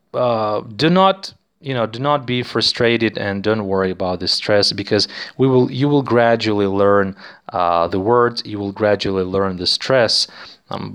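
A man's voice: on the low side, smooth. A young man, teaching a casual podcast language lesson in a chatty, encouraging way with many fillers.

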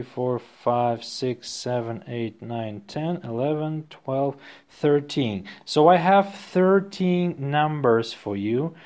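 A man teaching a podcast language lesson, slowly and patiently dictating items and repeating each one twice. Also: mid-range voice, a little mellow. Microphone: podcast microphone.

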